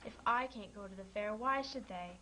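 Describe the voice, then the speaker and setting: A woman voicing a shy, sad plain brown cow in a children's story, speaking softly and wistfully. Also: mid-range voice, moderate pace, slight background noise, natural voice, low-quality recording.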